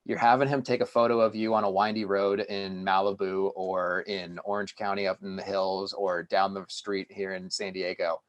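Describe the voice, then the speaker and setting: A man's voice: low-pitched, level tone, normal speed, hardly any pauses. A man, a company founder, speaking as a guest on a podcast and telling stories with enthusiasm. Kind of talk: podcast interview.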